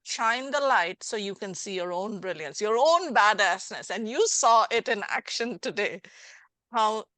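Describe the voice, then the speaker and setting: A woman's voice: mid-range voice, expressive, measured pace, bright, forceful tone, no room sound. A middle-aged woman hosting a podcast as a life coach, talking animatedly and acting out little scenes in dialogue. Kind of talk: casual interview chat.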